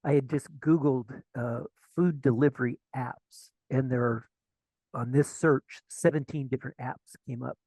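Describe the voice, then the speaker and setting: A man's voice: mid-range voice, steady tone, normal speed, warm tone, poor audio. A man on a group call who adds a remark in a hesitant, unsure way. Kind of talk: casual group chat.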